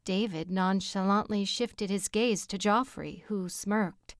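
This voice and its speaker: A woman narrating an audiobook in a measured, even storytelling manner on a close mic. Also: medium pitch, no room sound. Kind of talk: scripted narration.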